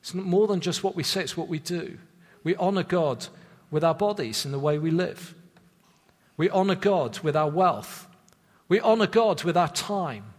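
A man preaching a sermon in an earnest, measured way, dropping low for emphasis and repeating words as he restarts thoughts. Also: lively intonation. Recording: long reverb of a church hall.

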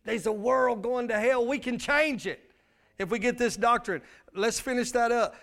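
A man's voice: very high-pitched, moderate pace, fairly bright tone. A male pastor, preaching a sermon with emphatic call-and-response.

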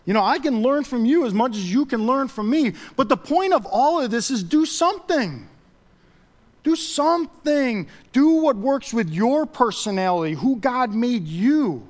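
A man preaching a sermon as pastor, pressing his points by repeating them, then praying softly. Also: animated, measured pace. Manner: emphatic, repeats key phrases; drops to a soft low voice for prayer.

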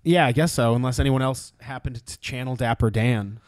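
A man's voice: mid-range voice, brisk, no echo, clean studio sound. A man co-hosting a comedy podcast in casual, joking chat. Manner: jokey, bits into put-on British banter. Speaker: podcast co-host.

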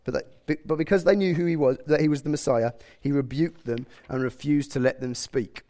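Male preacher, slightly higher voice, chatty expository sermon delivery. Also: fairly even intonation, a little fast, mellow. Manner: expository, conversational with self-corrections.

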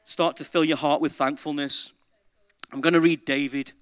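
A man preaching a sermon as pastor, moving between quiet reflection and loud, joyful exhortation to the congregation. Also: a little high, steady tone, normal speed, clear, resonant tone, dry recording, studio quality.

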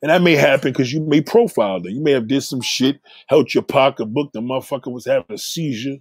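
A man's voice: mid-range voice, fast talker, husky, no room sound. A man talking straight into the camera, blunt and profane, rambling as he gives advice. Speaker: vlogger giving advice. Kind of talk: casual monologue.

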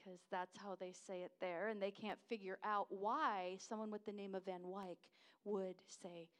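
A woman's voice: medium pitch, level tone, moderate pace, a bit bright. An American woman in her fifties gives a chatty, enthusiastic missionary talk at a church service, wandering off track and laughing at herself.

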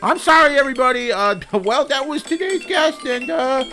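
Exasperated, high-voiced male host. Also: expressive, normal speed, sharp tone, soft background music. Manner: exasperated, cursing, sarcastic. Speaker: podcast host. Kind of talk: comedic call-in bit.

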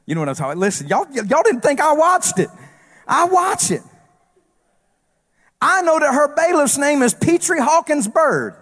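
High-pitched preacher guy, jokey sermon that ramps up to shouting. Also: very animated, normal speed, pauses often, big-room sound. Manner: humorous, rising to shouted preaching. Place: church stage.

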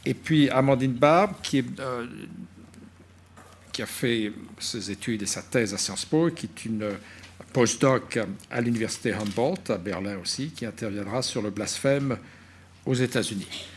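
A man chairs an academic panel, stumbling into repeated words and restarts as he frames the debate and introduces speakers. His pitch is ordinary and middling. A faint hum of noise lies under his voice. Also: moderate pace. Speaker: conference session chair. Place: conference room.

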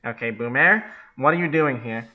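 A man's voice: medium pitch, normal speed, narrow, tinny audio. A man playing a tabletop game in a dry, self-important way.

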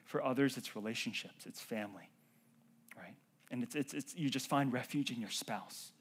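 A male pastor preaching a sermon. He swings between loud emphatic rises and hushed near-whispers, and he often checks in with the congregation by asking "right?" and "okay?". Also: medium pitch, moderate pace, slightly rough. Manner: addresses the congregation directly with frequent "right?" and "okay?".

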